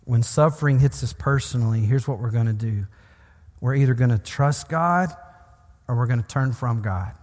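A man's voice: mid-range voice, normal speed, a little mellow. A man preaching a sermon in an earnest, pastoral way, building emphasis through repeated phrases. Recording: long hall reverb.

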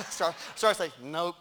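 A man's voice: high-pitched, background noise. A middle-aged man, preaching in a conversational, joking way from a church stage. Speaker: pastor. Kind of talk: sermon with announcements and prayer.

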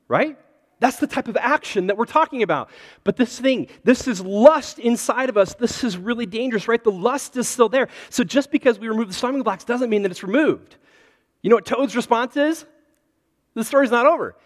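A man preaching a sermon as pastor, conversational and animated, talking directly to his congregation. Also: very high-pitched, normal speed. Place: large hall with congregation. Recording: reverberant hall.

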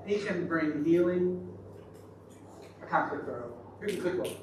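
A man's voice: high-pitched, moderate pace. A male pastor preaching a sermon, chatty and joking with the congregation. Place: church hall. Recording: very echoey hall, distant mic, audible noise.

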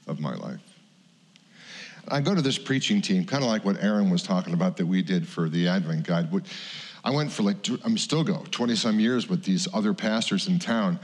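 Low-voiced middle-aged pastor preaching. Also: male voice. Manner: candid, confessional, acts out quotes. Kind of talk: sermon storytelling. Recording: long hall reverb.

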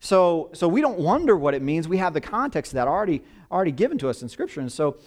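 A middle-aged man preaching a sermon in a conversational, halting way, with many fillers and restarts. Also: on the high side, sing-song. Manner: hushed, reverent when praying. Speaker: pastor. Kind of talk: sermon with prayer.

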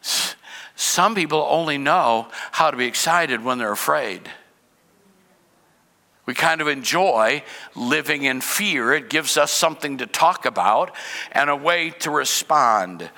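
Older man preaching in a bright, echoing hall. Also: mid-range voice, expressive, a little slow, gravelly. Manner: conversational preaching with rhetorical questions and humor. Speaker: pastor. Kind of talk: sermon.

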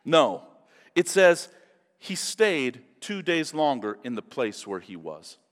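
Animated high-voiced male pastor. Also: slow pace, long reverb tail. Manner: animated, acts out quotes with voices. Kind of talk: sermon.

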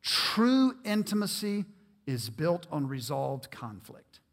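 Male pastor, high voice, earnest emphatic sermon delivery with repeated words, in a church hall with long reverb. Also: sing-song, slow pace.

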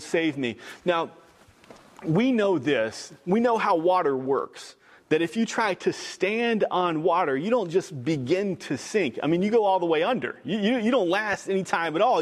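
A man preaching a sermon in an emphatic, repetitive, conversational storytelling way. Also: fairly high pitch. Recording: echoey hall reverb.

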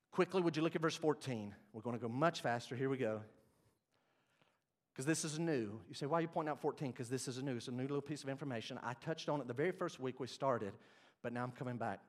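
A man preaching a sermon as pastor, passionate, swinging from quiet asides to loud emphatic preaching. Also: mid-range voice.

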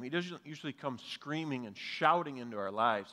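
Pastor preaching in a reverberant hall. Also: male voice, medium pitch, normal speed, hardly any pauses, fairly bright tone. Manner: earnest, conversational preaching with light humor. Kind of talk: sermon. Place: church sanctuary, live and streamed.

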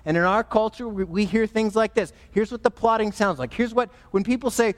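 A man, a pastor, preaching a sermon in an animated, emphatic way. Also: high voice, fairly quick, hardly any pauses, long reverb tail.

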